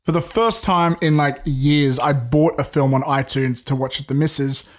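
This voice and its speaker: A male podcast co-host with a somewhat high voice. He rambles casually, jokes around and trails into fillers as he chats about films. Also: moderate pace. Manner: rambling and jokey, with many fillers. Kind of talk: casual film podcast chat.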